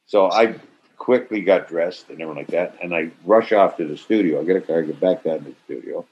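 An older man on a video call telling an animated anecdote, acting out quotes with swearing and sudden loud bursts. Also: sits low, fairly quick, a little hiss or hum. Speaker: actor interview guest. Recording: slightly muffled video-call audio.

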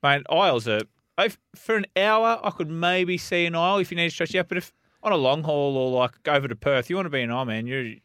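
A man's voice: a little high, lively intonation, fast, hardly any pauses, fairly bright tone, clean tone, no echo, clean studio sound. An Australian man co-hosting a podcast in casual banter, ranting with brash exaggeration. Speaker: podcast co-host.

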